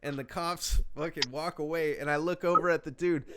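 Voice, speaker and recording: A man's voice: on the high side, steady tone, fairly quick, noisy background. A young man casually telling a story on a podcast, laid-back and profane, full of slang and fillers.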